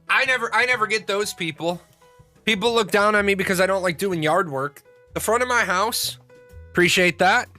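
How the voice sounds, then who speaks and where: A man hosting his own stream, telling a profane story in a casual, animated way. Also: high voice. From Illinois. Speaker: streamer host. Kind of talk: casual chat, storytelling rant.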